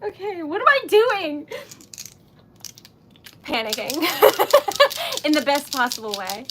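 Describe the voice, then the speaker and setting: A woman hosts a relaxed craft livestream in a high, bright voice. She talks at an unhurried pace, giggling and getting flustered often. A faint rumble sits under the recording. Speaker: livestream host making wax seal stickers. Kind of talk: casual livestream chat.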